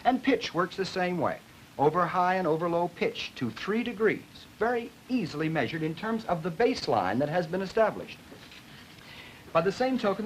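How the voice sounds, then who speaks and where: A man with a highish voice lectures on linguistics in a classroom, demonstrating vocal sounds aloud as he explains them. The audio is poor, an old film soundtrack with faint hiss.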